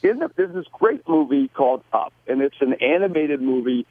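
A man's voice: mid-range voice, animated, moderate pace. An American man, a guest author and business owner, talking brashly in a casual interview and often repeating words as he starts a sentence. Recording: tinny dry phone line.

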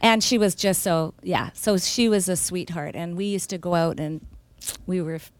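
A woman author talking as a guest in a casual interview, warm and storytelling. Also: fairly low pitch, fairly even intonation, normal speed, no room sound.

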